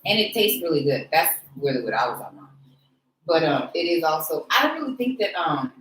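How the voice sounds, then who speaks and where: A woman's voice: low-pitched, very animated, brisk, a bit bright, reverberant, a little hiss or hum, poor audio. A woman in her forties hosting a podcast in frank, slangy casual chat, laughing often. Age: 40s. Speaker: podcast host.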